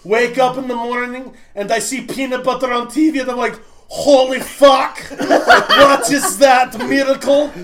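A man voicing his blunt, scary Russian teenage roommate with a put-on Russian accent, slow and menacing. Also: very high-pitched, flat delivery, crowd noise, voice pushed up. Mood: ranting.

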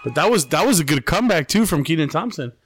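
A man's voice: fairly high pitch, big pitch swings, fast talker, music in the background. A man co-hosting a casual podcast, swearing freely and laughing as he acts out quotes. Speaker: podcast co-host.

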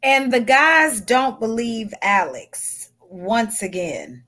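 A woman hosts a relaxed podcast discussion, steering the group with questions. She talks slowly and unhurriedly. Her voice is bright and a little high. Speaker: podcast host. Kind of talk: casual chat.

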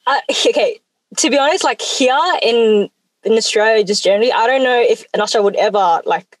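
A woman hosting a casual chat, relaxed and quick with listening sounds. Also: a little high, dry recording, low-quality recording. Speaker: podcast host.

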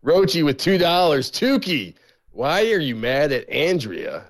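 A man co-hosting a live stream, reading viewer gifts and messages aloud in a relaxed way and laughing along. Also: fairly high pitch, measured pace. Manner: reads names and donations in a plain, laid-back way, laughs often. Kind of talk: casual live-stream banter.

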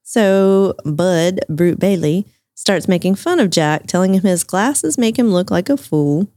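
Low, mellow woman storyteller. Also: unhurried, no room sound, studio quality. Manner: laughs often, tells ghost stories. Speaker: podcast co-host. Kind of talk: casual chat, storytelling.

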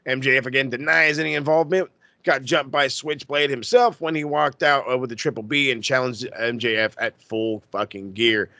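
A man chats on a podcast in a bright, forceful voice, fired up and swearing freely. The sound is close and dry, with no room around it. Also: mid-range voice, moderate pace, no room sound. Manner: excitable and profane, gushing. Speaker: podcast co-host. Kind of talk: casual chat.

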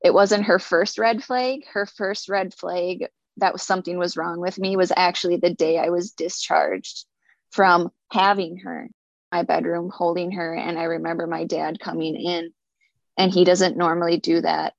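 A woman telling her own story in an earnest, halting way, sometimes repeating words. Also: on the low side, steady tone, gravelly, dry recording. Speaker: speaker sharing a personal story. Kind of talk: personal testimony. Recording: dull lo-fi recording.

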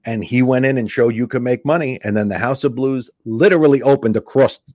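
A man in relaxed conversation, spinning comic anecdotes and slipping into the voices of the people in them. The recording is dry and close, with no room sound. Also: medium pitch, brisk, dry recording. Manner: animated anecdotes, acting out quoted women. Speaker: stand-up comedian. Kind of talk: casual storytelling chat.

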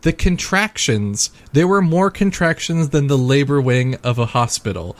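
A man's voice: a little high, lively intonation, normal speed, very noisy. A man co-hosting a casual gaming podcast, rambling with many fillers and mock quotes. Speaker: podcast co-host.

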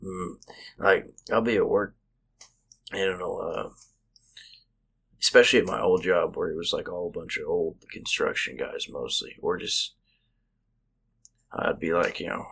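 Male co-host, husky and bright, hesitant casual delivery. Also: deep voice. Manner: halting, filler-heavy talk. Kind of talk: casual chat.

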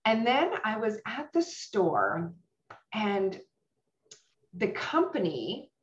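A woman who owns a salon, telling a story in a casual interview in a frank, blunt way that turns to swearing when she is upset. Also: on the low side. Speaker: salon owner. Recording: roomy, slightly dull sound.

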